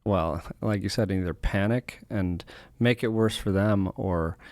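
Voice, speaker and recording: A man co-hosting a casual podcast conversation, reflecting on ideas and chuckling softly between his points. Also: low-pitched, measured pace, dry recording, clean studio sound. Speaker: podcast co-host.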